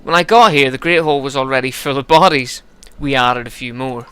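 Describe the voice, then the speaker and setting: A man voicing a blunt, scornful giant warrior in a video game narration, speaking loud and raised. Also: mid-range voice, fairly quick, slight background noise, close to an everyday voice. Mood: gruff.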